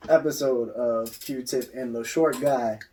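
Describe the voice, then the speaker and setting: A man co-hosting a casual podcast, chatting in a relaxed way. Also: medium pitch, takes it slowly, distant mic. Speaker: podcast co-host. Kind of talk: casual chat.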